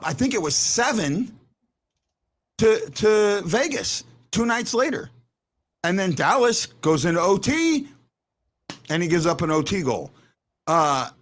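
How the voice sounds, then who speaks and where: Animated high-voiced man hosting a sports show. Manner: animated, repeats words when starting a point. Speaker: host. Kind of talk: casual sports chat.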